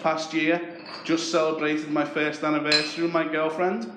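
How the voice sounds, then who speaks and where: A man's voice: on the high side, normal speed. Young Liverpool man doing sweary stand-up. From Liverpool, England. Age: young adult. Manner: deadpan, sweary storytelling. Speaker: stand-up comedian. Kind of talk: stand-up comedy set. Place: comedy club stage. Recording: echoey club with crowd noise. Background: audience laughter.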